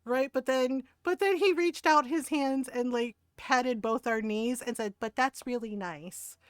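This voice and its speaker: A woman streamer chatting casually, telling an animated family story with frequent laughs and "right?" tags. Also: high-pitched, unhurried, clean tone, no room sound, clean studio sound. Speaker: game streamer. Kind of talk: casual chat.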